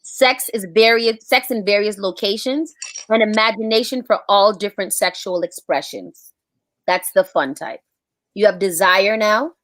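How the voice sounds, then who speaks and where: A woman's voice: medium pitch, normal speed, fairly bright tone, no echo. A young adult woman co-hosting a casual live chat show, reading out a list and laughing often. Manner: laughing, reads lists aloud. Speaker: podcast co-host.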